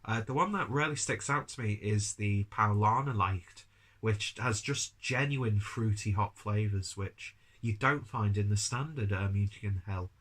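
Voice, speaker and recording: A man reviews a beer in a loose, rambling vlog style and swears now and then. He is coming down with a cold. His voice sits fairly low. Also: unhurried, fairly bright tone, slightly rough. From United Kingdom. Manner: rambling, chatty, casual swearing.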